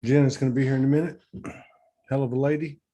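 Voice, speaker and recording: A man's voice: mid-range voice, little pitch movement, quick pace, dark tone. Emotional man hosting a livestream. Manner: emotional, effusive, rambling with restarts. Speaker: host of an online spiritual talk show. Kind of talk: casual livestream chat.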